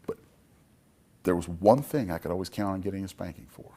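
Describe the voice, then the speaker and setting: A middle-aged man with a somewhat low voice gives a motivational public talk as a comic book creator. He speaks in a folksy, emphatic way. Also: expressive, fairly quick.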